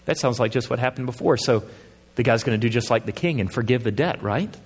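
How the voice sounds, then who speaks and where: Husky-voiced male pastor preaching in a reverberant church. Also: mid-range voice, fast. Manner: earnest, reasoning with the congregation, rising emphasis. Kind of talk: sermon.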